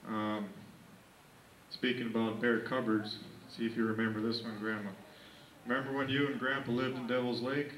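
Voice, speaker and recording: A man's voice: medium pitch, flat delivery, normal speed, a bit bright. A man in his thirties telling rambling, folksy family stories in a casual party speech. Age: 30s. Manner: folksy, rambling storytelling with fillers. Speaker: grandson giving a party speech. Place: indoor family birthday party. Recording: echoey room, distant camcorder mic, faint hiss.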